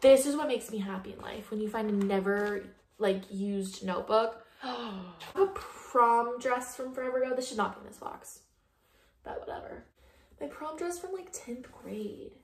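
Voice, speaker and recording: A woman's voice: medium pitch, animated, normal speed, darkish tone, a little hiss or hum. Chatty young woman in an echoey room. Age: young adult. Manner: chatty, talks to viewers while tidying. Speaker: lifestyle vlogger. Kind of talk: casual cleaning vlog chat. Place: home, bathroom and closet.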